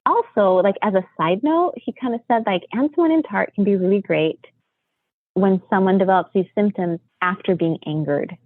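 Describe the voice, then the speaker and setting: Animated American mom telling stories over a phone line. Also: female voice, moderate pace, no echo. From United States. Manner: animated, acts out quotes with big pitch jumps, laughs often. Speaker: podcast guest. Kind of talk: storytelling in casual chat. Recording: tinny phone-line audio.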